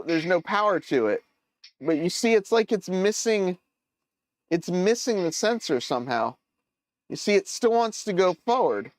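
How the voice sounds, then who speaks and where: A man hosting a casual live stream, thinking aloud as he troubleshoots and answers viewers' chat with hesitant, halting phrasing. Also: sits high, no echo. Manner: hesitant, many fillers and restarts.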